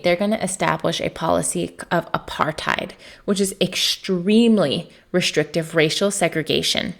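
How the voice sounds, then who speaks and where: A woman from the United States lectures a history class in a loose, conversational way. Her voice sits a little low, and she keeps checking in with listeners and dropping into quick mock voices for quoted people. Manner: conversational, lots of "right?" and "um" fillers. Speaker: history teacher.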